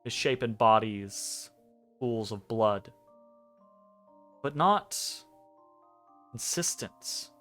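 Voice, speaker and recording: A man narrating a dream scene as game master of a tabletop game, measured and hesitant, pausing between phrases. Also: fairly low pitch, expressive. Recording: soft music behind.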